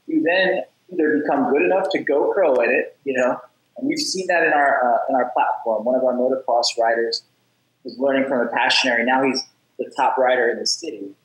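A man's voice: medium pitch, brisk, roomy sound, poor audio. A man being interviewed on a podcast, talking energetically and acting out the people in his stories, often repeating words as he goes. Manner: energetic, acts out quoted dialogue, repeats words. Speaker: podcast guest, app founder. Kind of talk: casual interview storytelling.

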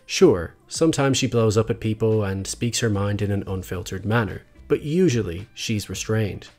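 A man narrating a scripted video essay in a measured, analytical way. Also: fairly low pitch, darkish tone. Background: faint background music.

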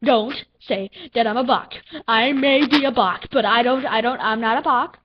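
A young female gaming channel host giving excitable, playful commentary while playing, with silly sound effects. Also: fairly high pitch, moderate pace. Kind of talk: casual gameplay commentary. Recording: dull lo-fi recording with faint noise.

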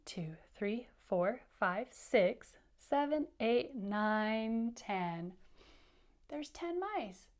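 A woman teacher reading a picture book aloud to young children at an unhurried, deliberate pace. She is patient and encouraging, and she invites the kids to count along with her. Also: medium pitch. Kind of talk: interactive children's read-aloud.

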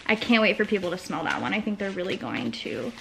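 A woman's voice: medium pitch, sing-song, fast talker, creaky, background noise. A young woman talking casually in a home vlog, rambling with lots of fillers as she talks through her work. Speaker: small business owner and vlogger. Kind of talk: casual chatty vlog narration.

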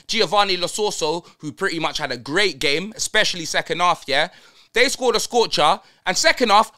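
A young man with a London accent, ranting casually about his football team in heavy slang. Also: high voice. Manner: animated slang-heavy rant, constant fillers. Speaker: football fan vlogger. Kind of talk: casual fan reaction rant.

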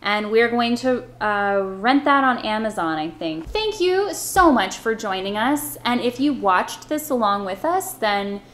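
A woman's voice: on the high side, expressive, a little slow, few pauses, a bit bright, a little hiss or hum. A woman co-hosting a casual film podcast. She talks earnestly and with emphasis, and she often restarts her sentences. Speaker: podcast co-host. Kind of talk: casual chat. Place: home recording. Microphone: old desktop microphone.

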